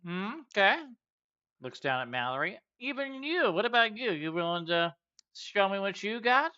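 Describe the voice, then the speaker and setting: A man voicing a brash, competitive woman who runs a workout area, talking loud and boisterous in a tabletop game. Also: mid-range voice, very animated, moderate pace, clean tone, highs cut off, pitched above the performer's own voice. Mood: challenging. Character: brash loud female gym boss, competitive.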